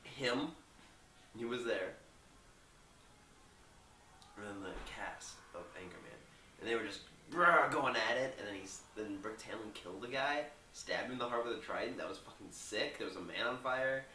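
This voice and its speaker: A man's voice: fairly low pitch, normal speed, pushed and bright, echoey room, distant mic, slight background noise, poor audio. A young man loosely retelling a movie plot, rambling with lots of filler words. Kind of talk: rambling casual movie recap.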